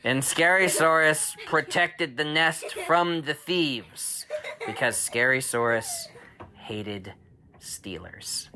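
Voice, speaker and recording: A man telling an improvised bedtime story to a child, animated, with sound effects and dramatic pauses. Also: a little high, crowd noise. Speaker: storyteller dad.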